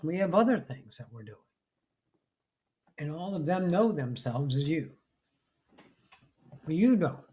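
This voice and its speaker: A man holds forth in a live spiritual talk, pitched a little above the usual male range. He is intense and rambling, and he drops profanity freely as he presses his points about identity and freedom. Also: warm tone. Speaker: spiritual teacher.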